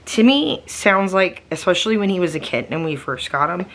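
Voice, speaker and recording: A woman chatting to her camera from her living room while a migraine wears her down. Her voice sits low and has a gravelly fry, and she rambles along with lots of fillers. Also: animated, brisk, a bit bright. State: tired, with a migraine. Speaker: vlogger. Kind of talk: casual daily vlog chat.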